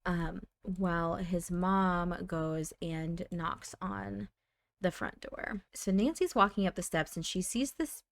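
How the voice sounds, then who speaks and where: A woman's voice: lowish voice, slow pace, vocal fry, no room sound. A woman hosting a let's play, narrating her game in a chatty way with dramatic exclamations. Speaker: gaming channel host.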